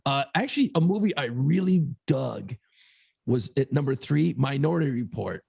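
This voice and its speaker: Gravelly-voiced man chatting casually. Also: medium pitch, animated, normal speed, darkish tone, no room sound. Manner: rambling, easygoing, swears casually. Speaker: podcast co-host. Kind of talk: casual chat about movies.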